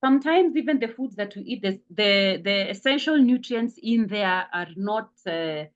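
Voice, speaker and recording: A woman's voice: mid-range voice, animated, normal speed. A woman giving a health and wellness talk, repeating words for emphasis, with frequent fillers. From Kenya. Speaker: wellness speaker. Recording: dull lo-fi sound.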